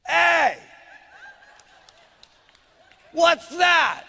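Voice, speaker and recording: A man doing a shouting, scornful husband. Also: very high voice, animated, measured pace, vocal fry, breathy edge, exaggerated voice. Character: grumpy negative husband, loud and scornful. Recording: long hall reverb.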